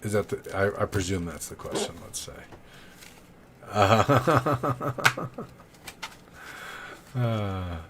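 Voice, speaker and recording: A man's voice: lowish voice, expressive, extremely slow, pauses often, background noise. Rambling, chatty male tarot streamer. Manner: chatty, rambling, shouts out viewers. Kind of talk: casual live-stream chat. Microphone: studio condenser mic.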